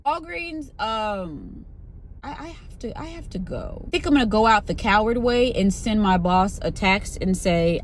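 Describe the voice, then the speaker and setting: A woman's voice: mid-range voice, measured pace, slight background noise. A young woman venting profanely about her new pharmacy technician job, in a rant-style vlog. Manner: profane, exasperated, animated retelling with quoted voices. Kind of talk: ranting storytime vlog.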